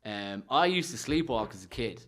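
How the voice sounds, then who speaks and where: A man's voice: fairly low pitch, moderate pace. Irish man telling stories animatedly. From Ireland. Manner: animated storyteller, swears freely. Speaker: comedian guest. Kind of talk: casual podcast chat.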